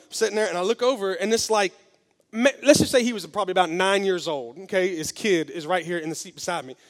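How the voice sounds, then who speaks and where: A pastor preaching a sermon, telling a story that builds from slow and quiet to loud and excited. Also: male voice, sits high, big-room sound. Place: church hall.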